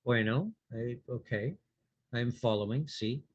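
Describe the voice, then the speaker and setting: A man voicing a calm vampire character who patiently questions a ghost with a dry sense of humor. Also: mid-range voice, a little slow, dry recording, highs cut off, close to an everyday voice. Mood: probing. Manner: patient, probing, dry wit.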